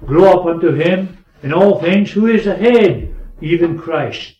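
A man preaching a sermon, swinging between raised emphasis and quiet asides. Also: sits high, unhurried. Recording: echoey, distant, muffled recording.

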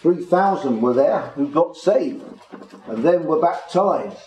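A man teaching from the Bible to a small congregation in a measured, explanatory way, stressing key words. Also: on the high side, lively intonation, a little mellow. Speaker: preacher. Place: room with a small gathering. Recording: echoey room.

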